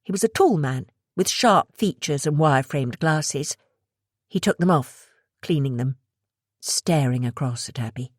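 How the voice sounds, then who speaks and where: A woman narrating a thriller audiobook in a steady, measured way. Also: low voice, dry recording, studio quality.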